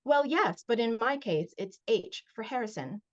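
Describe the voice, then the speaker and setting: A woman's voice: on the high side, expressive, normal speed, natural voice. A woman reading the lines of a polite, friendly teenage boy at summer camp, over a dull, lo-fi video call.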